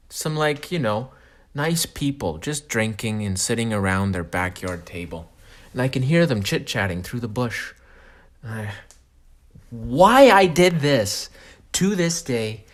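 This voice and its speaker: Slow, swearing comic storyteller man. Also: mid-range voice, very animated. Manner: profane, drawn-out, self-mocking. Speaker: podcast host.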